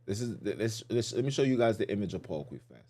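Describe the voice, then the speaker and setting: A man's voice: on the low side, animated, quick pace, mellow. Guy preaching casual on a podcast, voice swings up and down a lot, keeps repeating himself. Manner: repetitive, emphatic, rhetorical questions. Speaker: podcast host teaching scripture.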